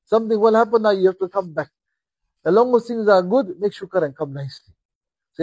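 A man preaching a sermon with a husky voice, impassioned, rising and falling in volume and acting out the dialogue he tells. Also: high-pitched, brisk, mellow, no room sound, low-quality recording.

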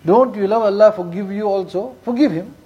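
A man with a high, husky voice delivers a sermon, telling stories and repeating key lines for emphasis. He mixes Urdu and Arabic religious terms into his English. His tone is dark and mellow. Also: dull audio. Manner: recites Quranic verses rapidly in Arabic. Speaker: Islamic preacher.

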